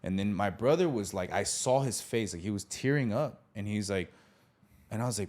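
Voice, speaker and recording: A man in his thirties hosts a podcast and tells a childhood story in a casual way. His voice sits on the low side, and it swings up high when he acts out what people said. He laughs often while he talks. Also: expressive, brisk, darkish tone.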